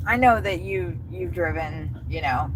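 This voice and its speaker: Woman livestreamer, unhurried rambling chat, swears casually, recorded in a noisy car. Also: lowish voice. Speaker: livestreaming delivery driver. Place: inside a car.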